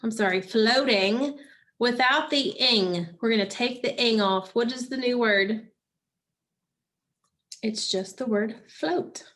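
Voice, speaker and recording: Woman teacher, slightly high voice, slow and patient, leading a phonics drill. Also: fairly bright tone. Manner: slow, patient prompting with pauses for answers. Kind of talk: phonics lesson to children.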